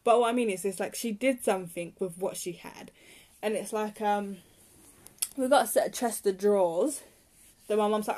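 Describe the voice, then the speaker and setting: A young woman talks casually on her own podcast. She rambles from point to point in a chatty way and grows heated when something annoys her. Her voice sits at a middling pitch. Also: moderate pace, darkish tone. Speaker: podcast host. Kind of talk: casual solo chat.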